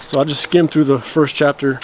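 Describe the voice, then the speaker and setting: A man's voice: a little high, flat delivery, slight background noise. Easygoing man rambling about learning. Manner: rambling, self-correcting explanations; slow careful practice of phrases. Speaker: language-learning vlogger. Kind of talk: casual talk to camera.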